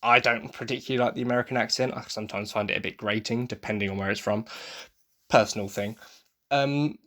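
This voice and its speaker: A man's voice: on the low side, fairly even intonation, quick pace, a bit bright. A tired man with an English accent, gushing in a rambling, enthusiastic way as he hosts a casual solo podcast review. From England. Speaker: podcast host.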